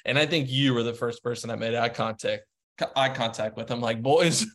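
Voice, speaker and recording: A man's voice: medium pitch, fairly even intonation, a little fast, a bit bright. Chatty man telling stories. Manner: chatty, laughs often, frequent restarts. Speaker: podcast guest, pro golfer. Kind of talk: casual storytelling.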